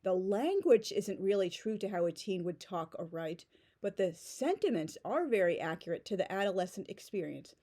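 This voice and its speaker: A woman's voice: medium pitch, expressive, moderate pace, mellow. A woman giving a casual spoken book review in a sarcastic, mocking tone.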